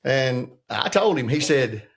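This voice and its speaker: A man's voice: mid-range voice, lively intonation, measured pace, vocal fry, a bit bright. A man in his sixties, a retired football coach, telling a story in a casual chat and acting out what other people said in a folksy way. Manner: folksy, acts out the quotes of others.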